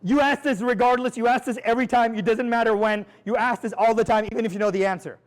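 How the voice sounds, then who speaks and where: A man giving a live seminar talk as a sales trainer, energetic and emphatic, firing rhetorical questions at the audience in a quick, conversational way. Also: very high-pitched. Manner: quick, conversational, with frequent restarts and "like" and "right?".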